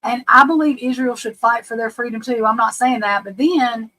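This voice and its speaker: A woman's voice: fairly high pitch, moderate pace, sharp tone, poor audio. A middle-aged woman from the United States hosting a live stream, rambling and frank, restarting her sentences and swearing casually.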